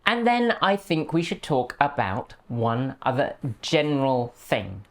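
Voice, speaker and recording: Woman, low voice, lively swinging intonation, sarcastic commentary host, dry mockery. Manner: sarcastic, dryly mocking. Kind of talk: commentary video.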